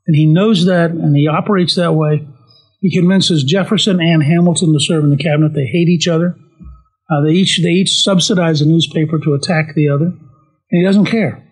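Husky man telling history. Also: a little high, fairly quick, rough recording. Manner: animated, quotes historical figures in brief voices. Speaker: speaker on history. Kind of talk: history storytelling talk.

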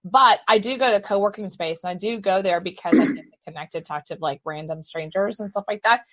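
A woman's voice: mid-range voice, fast. Chatty woman podcast host. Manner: chatty, animated, pushes back. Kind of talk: casual interview chat. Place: her studio.

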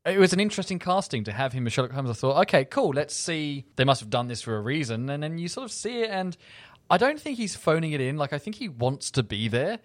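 A man's voice: a little high, very animated, quick pace, dry recording. A man co-hosting a casual film review chat, giving his opinions in a conversational way.

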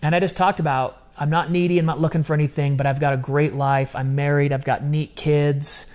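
A man in his fifties with a fairly high voice tells a personal story in conversation. He is earnest and animated, and he slips into his own remembered words as he goes. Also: a little fast. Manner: earnest, animated, quoting himself. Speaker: guest telling his adoption story.

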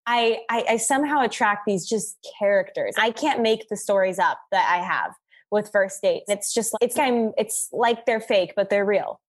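A woman's voice: medium pitch, normal speed, breathy edge. Young woman guesting on a podcast, goofy and bubbly, laughs a lot while telling stories. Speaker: podcast guest, app founder. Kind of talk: casual interview storytelling.

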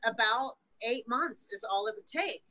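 A woman's voice: a little high, expressive, measured pace, bright, forceful tone, poor audio. A woman guest in an interview, recounting a personal story frankly, emotionally and with plenty of swearing. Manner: frank and profane, emotional retelling.

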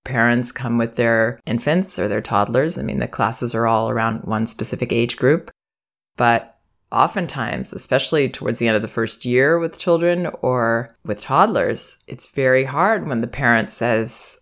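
Gentle woman with a gravelly edge. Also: extremely low pitch, moderate pace. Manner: gentle, reflective, acts out soothing phrases to a child. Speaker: parenting educator and podcast host. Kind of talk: spoken advice monologue.

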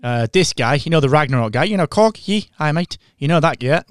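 Brief: a man playing a brisk, chummy boss coaxing a writer, dry sound. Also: a little high, lively intonation, clear, resonant tone, no room sound, natural voice.

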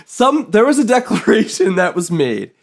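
Animated, jokey male podcast co-host. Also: high-pitched, moderate pace, creaky. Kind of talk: casual chat.

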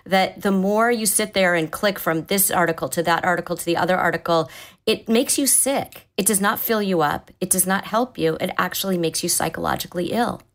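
Therapist lady in her 40s, low-ish voice, calm and explainy, lots of restarts. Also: fairly quick. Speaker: therapist guest. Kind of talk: advice-giving conversation.

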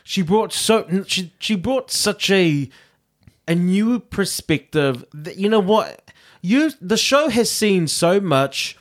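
Guy cohosting a podcast, high voice that swoops all over, playful and camp. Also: slow. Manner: playful, camp and excitable, breaks into laughter. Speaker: podcast co-host. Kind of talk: casual chat.

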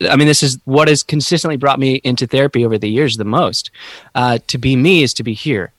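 Halting, reflective man, dry sound. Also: mid-range voice, no room sound. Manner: slow, halting, searching for words. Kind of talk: reflective conversational podcast.

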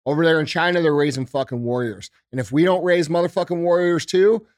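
A man's voice: on the high side, a little fast, dry recording, clean studio sound. A man hosting a podcast, ranting with heavy swearing and repeated rhetorical questions. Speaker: podcast host. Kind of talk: profane political rant.

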